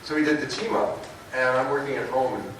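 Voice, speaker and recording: An older man telling lively anecdotes at a convention panel and acting out the people he quotes. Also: medium pitch, fairly quick. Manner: lively storyteller, acts out quoted voices. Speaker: comic book writer, panel guest. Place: large convention panel room. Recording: echoey hall recorded from far off, with noise.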